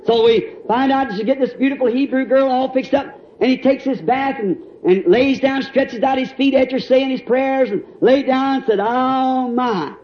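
A man preaching a sermon in a folksy storytelling way, laughing and rising to shouts. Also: very high voice, normal speed, hardly any pauses. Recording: dull, roomy old church recording.

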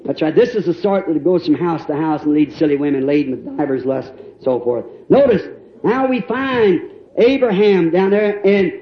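A man preaching a sermon in a folksy storytelling way, laughing and rising to shouts. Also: on the high side, animated, moderate pace, a little hiss or hum. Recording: dull, roomy old church recording.

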